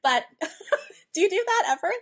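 A woman's voice: extremely high pitch, very animated, a little slow. A woman hosting a podcast in casual chat, talking in a chatty way with frequent laughs and fillers. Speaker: podcast host.

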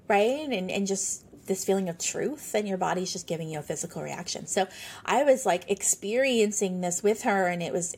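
Breathy-voiced woman telling a personal story. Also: mid-range voice, a little mellow. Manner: chatty, earnest, sprinkles talk with "like". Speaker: podcast host. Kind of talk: casual solo storytelling.

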